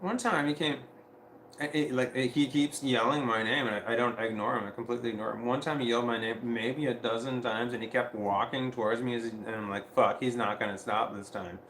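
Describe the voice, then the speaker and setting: On a casual livestream, a man tells a long, rambling, profane story, restarting often and quoting people in animated voices. His pitch is medium and his pace brisk, heard in an echoey room with a little hiss or hum.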